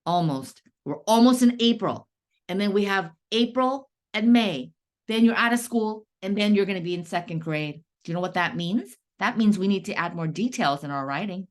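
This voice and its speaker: A woman's voice: mid-range voice, lively intonation, moderate pace. A woman teaching a first grade writing lesson, patient and sing-song, stretching out key words for young children.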